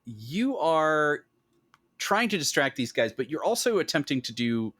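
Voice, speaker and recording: A man's voice: a little high, very animated, unhurried, fairly bright tone. A man narrating as game master of a tabletop role-playing game, with small hesitations.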